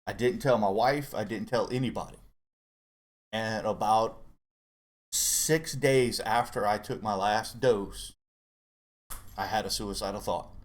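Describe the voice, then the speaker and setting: Earnest middle-aged man, slightly low voice. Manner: earnest, halting, open about emotion. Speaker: co-host guest dad. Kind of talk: candid personal story in casual chat.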